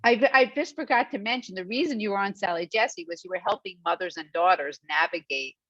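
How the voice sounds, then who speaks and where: A woman's voice: mid-range voice, brisk, fairly bright tone, no room sound, muffled recording. A woman interviewing a fellow author, asking chatty questions with hesitant restarts. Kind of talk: conversational interview over video.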